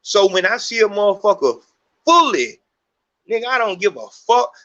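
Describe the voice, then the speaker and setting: A man's voice: high voice, big pitch swings, moderate pace, sharp tone, lo-fi sound. A middle-aged man hosting a podcast, talking in a heated, profane, rambling monologue. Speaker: podcast host. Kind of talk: unscripted monologue.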